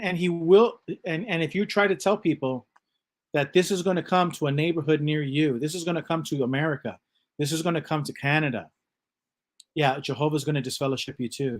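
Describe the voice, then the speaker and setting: Man co-host, a bit high-pitched, halting speech with restarts, casual commentary. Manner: halting, repeats words, frequent agreeing backchannel. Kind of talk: casual talk-show commentary.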